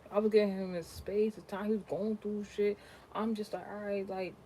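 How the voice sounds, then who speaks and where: A young woman rants her way through a personal storytime vlog, cursing freely and swinging from low, muttered asides to loud, high-pitched outbursts. Her voice sits at an ordinary middle pitch. A faint hiss of noise runs under the recording. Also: little pitch movement, moderate pace, poor audio. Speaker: content creator.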